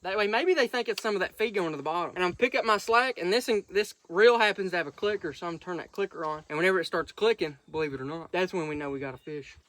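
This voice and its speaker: A man, vlogging by a pond while fishing, easily excited and gushing when something surprises him. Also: high-pitched, quick pace, hardly any pauses, no room sound. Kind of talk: casual outdoor fishing vlog. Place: outdoors by a pond.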